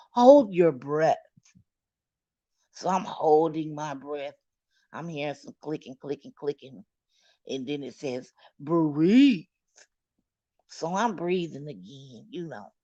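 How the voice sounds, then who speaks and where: A woman unspools a personal storytime at a slow, unhurried pace, candid and dramatic, cursing freely and talking straight to her viewers. Her voice sounds close and dry, with a slightly dull, lo-fi quality. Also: sits low, a little mellow, dry recording. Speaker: storyteller vlogger. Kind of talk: storytime recounting.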